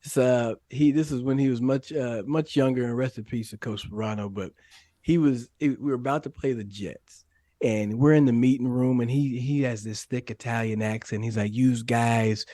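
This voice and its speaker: Sex: man. Role: podcast guest, former football receiver. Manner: animated storytelling, frequent laughter. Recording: dry, close. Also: normal speed, no room sound. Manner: animated storyteller, laughs often, sudden rises in pitch. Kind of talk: casual podcast chat and storytelling.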